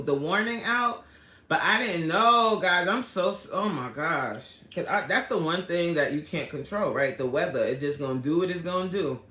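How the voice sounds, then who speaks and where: Casual woman streamer, lively and laughing, sharp bright tone in an echoey home room. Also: on the low side. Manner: animated and chatty, laughs a lot, slangy street talk. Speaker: livestream host. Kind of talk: casual live chat, reading out viewer comments. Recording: roomy echo.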